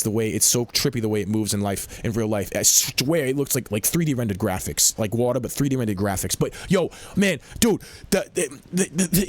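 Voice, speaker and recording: A fired-up man talks back at video clips, slangy and repeating himself as he gets worked up. His pitch rises and falls widely and sits a little high, and the sound is dry and close with no room echo. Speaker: commentator reacting to clips. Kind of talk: heated casual commentary.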